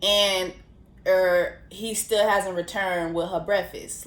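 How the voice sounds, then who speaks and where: A young woman hosting a casual commentary vlog, telling the story in an animated, slangy way with lots of swearing. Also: on the low side, slow pace. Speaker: host. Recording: roomy echo.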